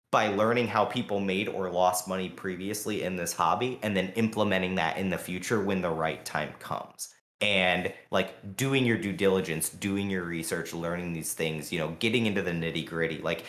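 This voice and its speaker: A man co-hosting a podcast, talking fast and heatedly in a long rambling rant full of fillers. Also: low-pitched, fairly bright tone, roomy sound. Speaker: podcast co-host. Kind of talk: casual podcast chat.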